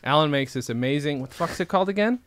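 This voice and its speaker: A man's voice: a little high, animated, quick pace. A man co-hosting a podcast, joking and swearing freely in casual chat about a TV show. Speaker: podcast co-host.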